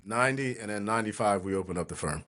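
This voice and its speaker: A man in his sixties from New Jersey, a trial lawyer telling lively anecdotes as an interview guest, often laughing and acting out others. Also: lowish voice, quick pace. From New Jersey, USA. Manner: animated anecdotes, acting out quoted voices, laughing. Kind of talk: casual storytelling interview.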